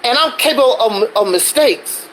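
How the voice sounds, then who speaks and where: A man's voice: very high voice, animated, moderate pace, fairly bright tone, slight background noise, low-quality recording. A man hosting a livestream, ranting defensively in a casual monologue full of rhetorical questions. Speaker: livestreaming channel host.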